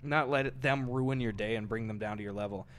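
A man's voice: medium pitch, fairly quick, a bit bright, a little hiss or hum. A man co-hosting a podcast, telling a story in casual chat with lots of swearing and acted-out quotes. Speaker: podcast co-host.

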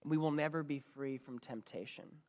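Casting note: male pastor, fairly high voice, sermon delivery, loud-soft swings. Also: normal speed. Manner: storytelling with dynamic swings in loudness. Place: church.

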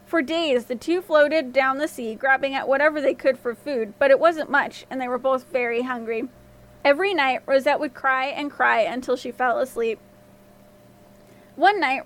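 A woman with a high voice narrates a fairy tale for a podcast. Her reading is expressive and lively, moving the story along. It is scripted storytelling narration. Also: normal speed.

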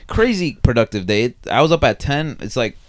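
A young man hosting a podcast, telling an animated story with lots of swearing and laughter. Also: medium pitch, normal speed. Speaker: podcast host. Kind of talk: casual chat.

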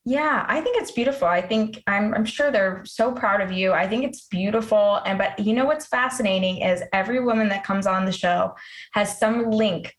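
A woman's voice: medium pitch, moderate pace, poor audio. A woman hosting an interview podcast, bubbling with enthusiasm. She praises her guest again and again, leaning into each compliment. Her talk is casual and chatty. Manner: enthusiastic, effusive, repeats praise. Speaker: podcast host.

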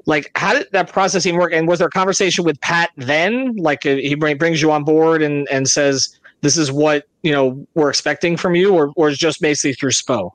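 Man, podcast host, higher voice, dry close sound, rambling, stammering questions. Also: steady tone, brisk, fairly bright tone, dry recording. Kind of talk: casual podcast interview.

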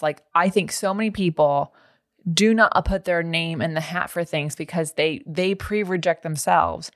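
A woman's voice: fairly low pitch, moderate pace, no room sound, studio quality. A woman hosting a casual interview, enthusiastic and reflective, laughing along with her guest. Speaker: host.

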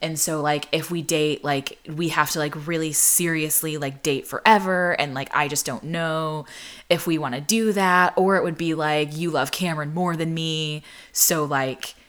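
Singer-songwriter, woman, 30s, deep voice, candid storyteller, loose and laughing. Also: fairly even intonation, normal speed, fairly bright tone. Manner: chatty and candid, full of "like" fillers, laughs often. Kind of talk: casual storytelling.

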